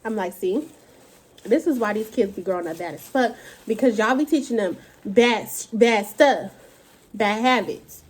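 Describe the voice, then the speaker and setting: A young woman, telling a profane, animated storytime rant to her camera at home. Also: medium pitch, a little slow, slightly rough. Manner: animated, profane, dramatic retellings. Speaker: vlogger.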